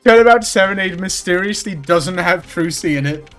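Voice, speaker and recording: A man streaming a game, commenting casually with excitable, laughing reactions. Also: high-pitched, normal speed, few pauses, faint music behind.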